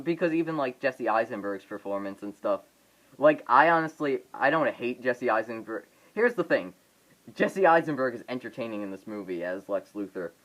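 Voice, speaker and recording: A man's voice: medium pitch, fairly bright tone, poor audio. Guy rambling into his phone, lots of ums and restarts, casual vlog review. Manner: rambling, halting, many fillers and restarts. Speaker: vlogger reviewing a film. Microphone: phone camera.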